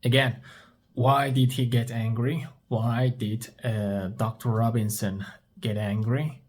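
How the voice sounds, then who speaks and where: Speaking flatly and slowly at a medium pitch, a man whose native language is Turkish teaches English through a story. He asks questions, repeats every one, and answers them on his own.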